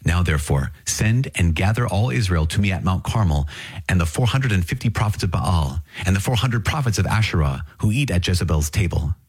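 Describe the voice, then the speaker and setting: A man's voice: sits low, expressive, brisk, breathy edge, dry recording, studio quality. A man reading the lines of a stern, bold prophet in a firm, commanding way. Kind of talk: scripture reading.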